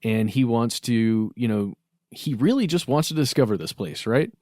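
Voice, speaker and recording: A man's voice: medium pitch, normal speed, dry recording, studio quality. A man co-hosting a podcast, talking through ideas in an easy, conversational way. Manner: relaxed, thinking aloud. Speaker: podcast co-host. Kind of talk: casual conversational chat.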